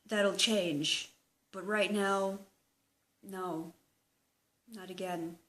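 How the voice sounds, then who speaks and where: A young woman talking slowly and hesitantly in a personal video diary, open and emotional. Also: medium pitch, steady tone, fairly bright tone. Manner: slow, hesitant, emotional confessional talk. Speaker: vlogger.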